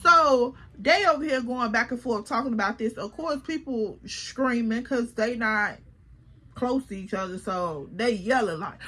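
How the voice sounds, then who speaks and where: Woman storyteller, high bright voice, animated and slangy. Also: measured pace. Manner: animated, slangy, addresses viewers directly. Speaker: YouTuber telling a storytime. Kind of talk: casual storytime.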